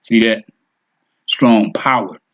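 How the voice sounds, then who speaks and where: A man giving an informal lesson, thinking aloud as he clicks through reference software and checks in with "okay" and "all right". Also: fairly low pitch, fairly even intonation, takes it slowly, lo-fi sound. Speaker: teacher. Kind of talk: screen-share lesson.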